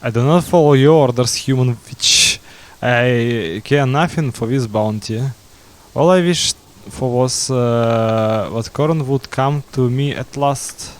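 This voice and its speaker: A man reading out a proud, lovesick beast shapeshifter in a flat voice with stumbles. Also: mid-range voice, slow, natural voice.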